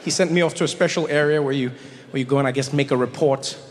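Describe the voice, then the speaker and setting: A man doing stand-up comedy with animated storytelling and frequent self-interruptions. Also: on the high side, fast talker, slight background noise. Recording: live venue with long reverb.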